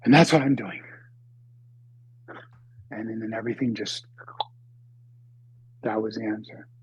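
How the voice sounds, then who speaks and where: A man in his seventies, a podcast guest, telling a story in a halting, dramatic way that swings between loud and hushed. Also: fairly low pitch, steady tone, breathy edge. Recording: dry, slightly dull lo-fi recording.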